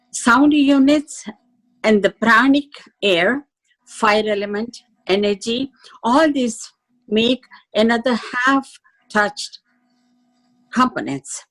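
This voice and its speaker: A woman teaching a lecture in a slow, explanatory way, pausing to check with listeners. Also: medium pitch, low-quality recording. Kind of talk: lecture on Sanskrit phonetics.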